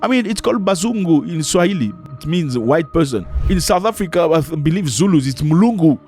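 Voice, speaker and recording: A man's voice: fairly high pitch, lively intonation, fairly quick, darkish tone, soft background music. A man vlogging an opinionated monologue, emphatic and preachy, who often acts out the voices of people he quotes.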